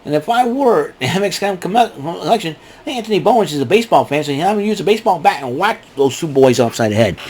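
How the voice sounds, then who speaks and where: A man's voice: on the high side, quick pace, few pauses, slightly rough. A man giving a casual, rambling wrestling recap and often laughing at his own jokes. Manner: animated, rambling, laughs a lot. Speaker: wrestling show reviewer.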